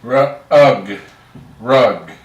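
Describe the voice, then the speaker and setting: A young schoolboy, played by a middle-aged man, sounds out letters one at a time and gives only short, halting replies. He speaks very slowly at a middle pitch. The recording is roomy and picked up from a distance. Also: wildly swooping pitch, lo-fi sound, exaggerated voice. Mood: slow, hesitant. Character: young energetic boy learning to read. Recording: echoey room, distant mic.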